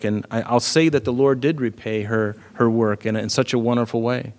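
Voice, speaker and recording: A man preaching a sermon in an earnest, conversational way, often filling pauses with "you know". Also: fairly low pitch, steady tone. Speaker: pastor.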